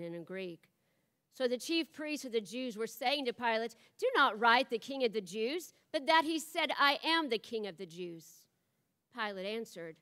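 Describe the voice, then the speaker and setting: A woman giving an expressive reading of scripture in church, her voice rising for the quoted cries. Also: medium pitch, clean tone. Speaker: scripture reader. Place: large church hall. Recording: long hall reverb.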